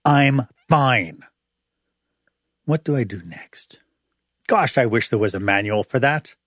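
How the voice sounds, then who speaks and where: Middle-aged male host, husky dry delivery, lively pitch, acts out little scenes. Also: moderate pace, no room sound. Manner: animated, acts out little dialogues in changed voices. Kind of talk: motivational management talk.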